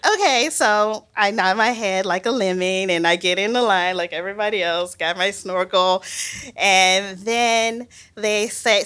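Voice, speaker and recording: A woman biologist telling a personal story on stage, animated and self-mocking, laughing often. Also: medium pitch, clear, resonant tone.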